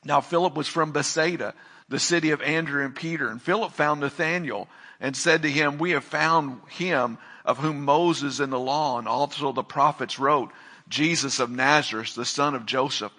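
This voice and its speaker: A man's voice: on the high side, moderate pace, pushed and bright. A man preaching a sermon, reading scripture aloud, praying, then preaching with rising emphasis. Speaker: pastor. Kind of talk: sermon with Bible reading and prayer.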